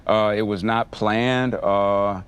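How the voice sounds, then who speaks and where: A man in an interview recalling an old moment, relaxed and reflective, laughing now and then. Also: on the low side, slow, smooth. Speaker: interviewed artist. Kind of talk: archive interview.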